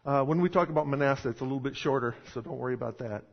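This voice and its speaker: A man's voice: medium pitch, rapid-fire, gravelly. A man preaching a sermon in a conversational, emphatic style with rhetorical questions. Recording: dull sound in a reverberant hall.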